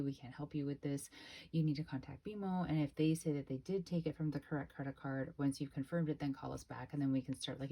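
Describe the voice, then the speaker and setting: A woman's voice: low-pitched, dark tone. A woman vlogger telling a chatty, exasperated story while budgeting, often quoting herself and others. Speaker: personal finance vlogger. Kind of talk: casual budgeting chat.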